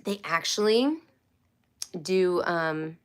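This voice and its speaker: A woman's voice: fairly low pitch, animated, extremely slow, smooth. A woman hosting a casual homeschool live stream, chatty and rambling, with many fillers and restarts. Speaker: homeschool livestream host.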